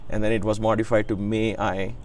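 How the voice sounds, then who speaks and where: A man's voice: on the low side, quick pace, a little hiss or hum. A man, a guest in an interview, telling a personal spiritual story in an earnest, reverent way. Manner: earnest, reverent, quotes his teacher with lively emphasis. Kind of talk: conversational storytelling.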